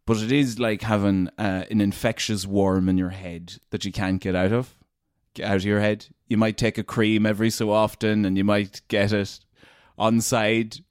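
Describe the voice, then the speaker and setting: A man, a radio presenter, talks earnestly and plainly in a relaxed interview, using everyday slang. His low voice comes across close and dry. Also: normal speed, hardly any pauses, clean tone, no echo. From Ireland, Leitrim. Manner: frank, colloquial, earnest. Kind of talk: casual conversational interview.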